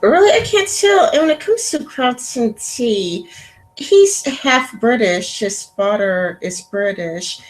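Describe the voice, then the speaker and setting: A woman's voice: fairly high pitch, animated, slow pace, poor audio. Casual woman interviewer, talkative, leans on fillers. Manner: chatty, many fillers like "like" and "kinda".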